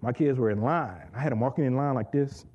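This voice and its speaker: A man giving an excitable testimony in church, laughing often and repeating his words as he tells the story. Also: medium pitch, quick pace, lo-fi sound.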